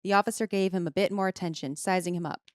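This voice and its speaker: A woman's voice: fairly low pitch, fairly even intonation, fast talker, dry recording, clean studio sound. A woman on a podcast reading a book passage aloud and voicing its dialogue. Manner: reads prose aloud with voiced dialogue. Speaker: guest commentator.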